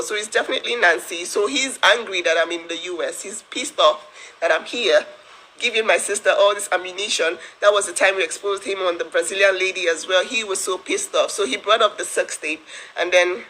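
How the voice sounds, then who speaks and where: Forceful, indignant African woman vlogging. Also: lowish voice, rough recording. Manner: indignant, emphatic, repeats for stress. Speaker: nurse. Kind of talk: direct-to-camera vlog.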